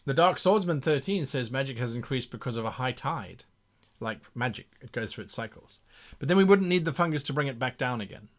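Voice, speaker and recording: A male game master brainstorms a campaign live in a medium-pitched, animated, brisk voice. He reads viewer comments aloud and thinks out loud, restarting and repeating himself.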